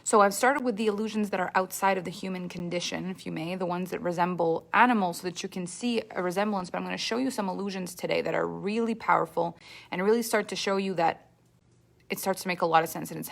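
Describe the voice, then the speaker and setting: A woman's voice: fairly low pitch, quick pace, gravelly. A woman giving a motivational talk on money, telling stories, acting out what people said and often repeating words. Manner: storytelling with acted-out quotes, repeats words. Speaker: money coach.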